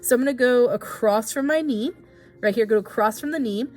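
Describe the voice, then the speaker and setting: Woman, art teacher, casual step-by-step drawing tutorial, patient, voice on the higher side. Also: brisk, a little mellow, faint music behind. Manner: patient, explains each stroke, casual asides.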